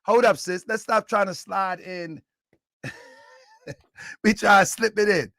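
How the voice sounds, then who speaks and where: A man hosting a live stream, repeatedly cutting in to calm his guests. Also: high-pitched, measured pace, no echo, studio quality. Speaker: host.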